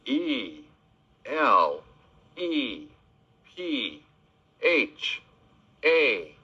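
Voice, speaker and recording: A man teaching children animal names in a slow, sing-song voice, spelling each word letter by letter. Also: mid-range voice, big pitch swings, pushed and bright, breathy edge, lo-fi sound. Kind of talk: spelling lesson for kids.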